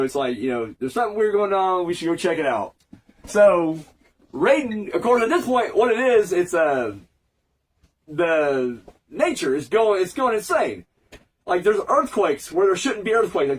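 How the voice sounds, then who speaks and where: Man, high voice, sweary casual reviewer, fighting a cold, mic set back. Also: distant mic. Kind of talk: casual episode recap review.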